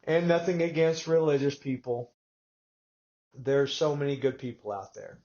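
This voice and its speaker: A man from Texas hosting a podcast, telling stories in a rambling, animated way with many asides. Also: mid-range voice, normal speed, highs cut off. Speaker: podcast host. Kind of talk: casual conversational podcast talk.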